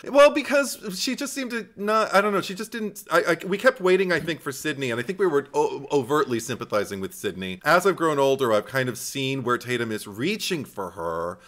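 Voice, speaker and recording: A man co-hosting a casual podcast chat, an animated storyteller who laughs often. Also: medium pitch, fairly quick, hardly any pauses. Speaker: podcast co-host.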